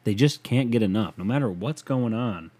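A man's voice: fairly low pitch, animated, moderate pace, warm tone. A man hosting a casual, comedic rant show, talking in a profane, sarcastic and rambling way.

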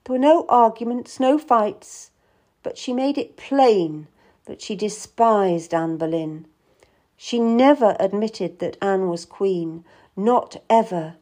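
A woman narrating a historical story in the first person, reading in a measured, gentle way. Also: mid-range voice, animated. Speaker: audiobook reader.

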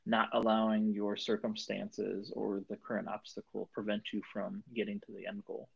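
A man hosting a podcast interview, reflecting back and summarizing in a measured way. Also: fairly low pitch, completely flat delivery, vocal fry, husky. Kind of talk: interview questions. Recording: dull, dry lo-fi audio.

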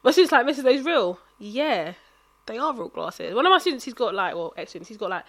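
A young woman chatting casually, often laughing loudly and quoting people. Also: a little high, very animated, brisk, no echo. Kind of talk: casual chat.

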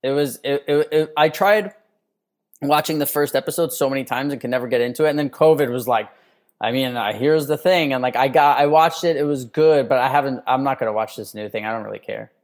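This podcast co-host is a young man who talks fairly fast in a mid-range voice. In casual conversation, he tells stories with energy, performing the voices of whoever he's quoting.

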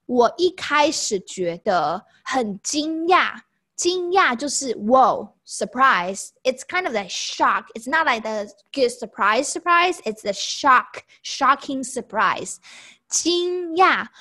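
A woman teaching a lesson in a patient, chatty way, repeating each phrase and explaining it slowly. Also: sits high, a bit bright. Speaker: language teacher.

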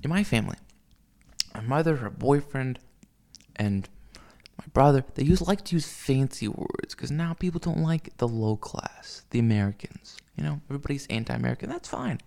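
A man talks straight to the camera in a loose, rambling rant. His voice has a gravelly, creaky edge. He swears freely and keeps circling back with fillers and restarts. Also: mid-range voice, lively intonation, normal speed, a little mellow. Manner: profane, ranting, with many fillers and restarts. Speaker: vlogger. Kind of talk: casual rambling monologue.

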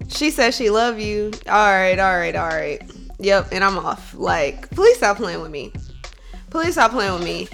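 A woman talks straight to her audience in a casual monologue, blunt and full of cursing. She moves between loud, heated venting and quieter, reflective stretches in a mid-pitched voice. Faint music plays behind her. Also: animated, measured pace, gravelly. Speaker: bartender.

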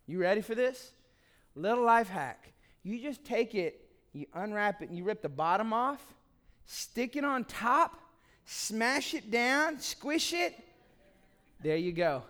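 A middle-aged man preaching a sermon, telling family stories in an animated, playful way. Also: sits high, slow pace. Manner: animated storytelling, acts out scenes. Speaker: pastor.

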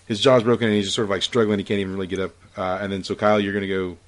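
A man narrates a tabletop game as game master, and his voice sits on the lower side. He hesitates often and fills the gaps with "um" and "uh" while he describes the action. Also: little pitch movement. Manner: halting, filler-heavy narration.

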